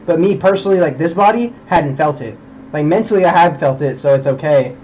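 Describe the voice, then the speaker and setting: A man's voice: fairly high pitch, brisk, a little mellow, lo-fi sound, slight background noise. A young man streaming, rambling in casual chat, swearing a lot and preaching about belief.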